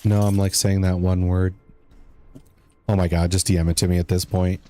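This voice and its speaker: Low, mellow-voiced man chatting while gaming. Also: little pitch movement, normal speed. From United States. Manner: rambling, chatty, talks to chat while playing. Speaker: streamer. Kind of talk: casual gameplay commentary.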